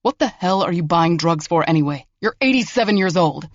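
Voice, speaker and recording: A man's voice: fairly high pitch, expressive, brisk, dry recording, close to an everyday voice. Narrator guy doing a fed-up federal agent, dry and wry, sounds kinda muffled. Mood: exasperated. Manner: dry, exasperated. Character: exasperated, wry young male federal agent.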